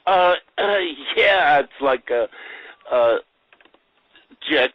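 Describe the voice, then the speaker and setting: A man's voice: a little high, drawn-out words, no room sound, dull audio. An older man, a guest actor, telling chuckling anecdotes in a casual interview. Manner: chuckling storyteller with lively voices for quoted people.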